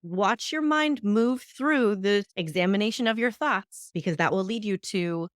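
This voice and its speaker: A woman hosting a solo coaching podcast, energetic and upbeat, asking many rhetorical questions. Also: medium pitch, moderate pace, hardly any pauses, dry recording, clean studio sound. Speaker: podcast host and decision coach. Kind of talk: solo motivational podcast monologue.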